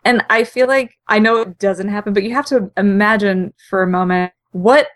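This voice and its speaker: A woman co-hosting a casual chat, animated and quick to act out characters' lines. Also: mid-range voice. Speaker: podcast co-host.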